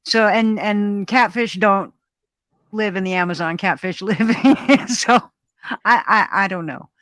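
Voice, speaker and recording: A woman in her sixties rambles through casual chat and laughs easily. Her voice is bright and forceful, with a middle pitch. The sound is dry and close. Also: a little slow, no room sound. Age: 60s. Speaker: live stream host.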